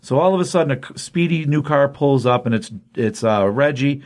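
A male comics podcast host walks through a plot in loose, rambling chat full of fillers. His voice sits at an average pitch, and his energy is easygoing and enthusiastic. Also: brisk, darkish tone.

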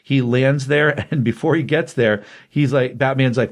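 A man hosting a comics podcast and retelling a comic book story in a loose, conversational way, dipping in and out of quoted lines. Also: mid-range voice. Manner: animated storytelling with quick voiced quotes.

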